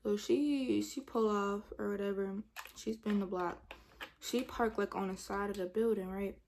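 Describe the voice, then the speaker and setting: A woman's voice: mid-range voice, fairly even intonation, a little slow, a little mellow. A young woman, telling a storytime in casual chat, retelling with dramatic quotes and whispered asides. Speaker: vlogger.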